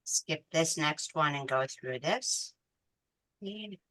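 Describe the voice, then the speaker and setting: Slow, patient woman teaching beadwork. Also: deep voice, animated, pushed and bright. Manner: patient, counts aloud slowly. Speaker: beading instructor. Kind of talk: step-by-step craft tutorial.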